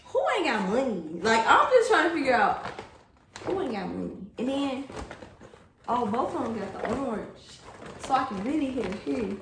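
A woman's voice: fairly high pitch, sing-song, normal speed, noisy background. A young woman chatting casually in her fashion haul vlog, playful and slangy, often laughing. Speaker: fashion vlogger. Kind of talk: casual haul video chat. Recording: echoey room.

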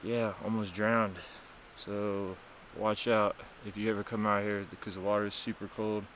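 A man's voice: lowish voice, level tone, moderate pace, fairly bright tone, slight background noise. A young man vlogging outdoors by a river, rambling and swearing as he recounts nearly drowning, worn out and chilled. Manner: rambling, profane, shaken and weak after nearly drowning. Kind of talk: casual vlog recap. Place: outdoors by a cold river and waterfall.

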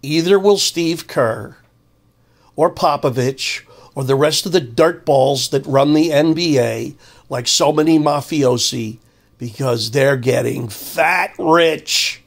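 Older man, angry monologue, emphatic ranting, fairly high voice. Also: slow pace, vocal fry. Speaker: commentator.

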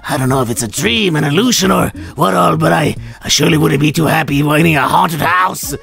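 A man voicing an excitable old male ghost professor in a wheezy, raspy, smoker-like voice, reading game dialogue aloud. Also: fairly high pitch. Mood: theatrical. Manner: drawn-out, theatrical old-man delivery.

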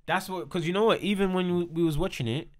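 A man co-hosting a casual chat, relaxed, often answering quietly. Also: high voice, fast talker.

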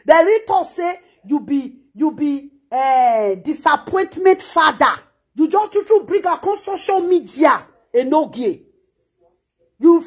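A Nigerian woman in her thirties with a Nigerian Pidgin accent, scolding in an impassioned reaction monologue and often repeating words. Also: sits high. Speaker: social media commentator.

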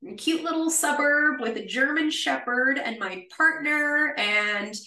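A woman's voice: high voice, measured pace, pushed and bright, roomy sound, far from the mic, poor audio. A woman with a Canadian accent, a guest nutritionist explaining in a friendly, earnest way. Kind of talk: interview answers.

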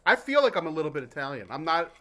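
Male vlog host from New Jersey, slightly high voice, loose jokey rambling delivery. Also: sing-song, rapid-fire, a bit bright. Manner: chatty, jokey, self-interrupting. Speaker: vlog host reviewing mineral water. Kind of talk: casual rambling vlog talk.

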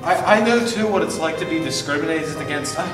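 A man's voice: on the high side, animated, fairly quick, music in the background, lightly acted. A teenage boy in a student film playing an Irish schoolboy bully who stammers apologies with a put-on Irish accent. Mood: apologetic. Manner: stammering, says laddie. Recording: very echoey room, far from mic.

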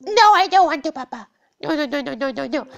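A gamer voicing an excitable little child starfish that squeals eagerly and clings to its father figure. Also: high-pitched, brisk, gravelly, pitched above the performer's own voice. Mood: refusing.

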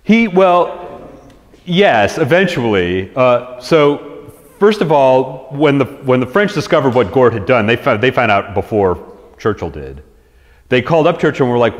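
A man giving a conversational history lecture to an audience, animated, acting out quotes in lively voices, with frequent restarts. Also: medium pitch, a little slow. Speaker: resident historian giving a talk. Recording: lecture hall reverb.

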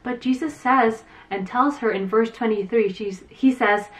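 Kids' Sunday school teacher, woman, bright higher voice, animated storytelling, heard a bit off-mic. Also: unhurried, distant mic. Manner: animated storyteller acting out quotes, with fillers. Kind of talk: Bible story retelling for kids.

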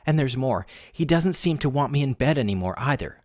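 A man's voice: medium pitch, animated, brisk, darkish tone, no echo, clean studio sound, close to an everyday voice. A man voicing a sobbing, desperate married woman, pleading shakily through tears. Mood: despairing. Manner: tearful, shaky pleading.

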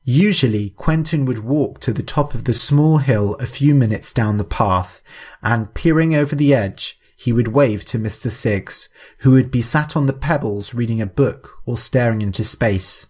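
Man narrating a story, measured and even. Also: mid-range voice, breathy edge.

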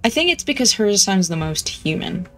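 A woman chatting playfully as she plays a video game, easily excited. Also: mid-range voice, moderate pace, faint music behind. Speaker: gameplay streamer. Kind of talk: casual gameplay commentary.

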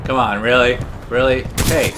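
A man commentating his own shooter gameplay in an excitable way, swearing often and laughing or shouting at big moments. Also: medium pitch, moderate pace, noisy background. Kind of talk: let's play commentary.

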